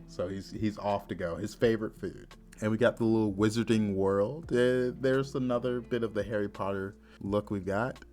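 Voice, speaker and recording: A man's voice: fairly low pitch, darkish tone. A man casually recapping a manga in a chatty, amused way. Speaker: manga reviewer.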